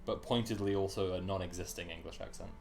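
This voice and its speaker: A man's voice: low-pitched, fairly even intonation, fast, creaky, a little mellow, soft background music. A man casually chatting while streaming a game, rambling with fillers and laughs.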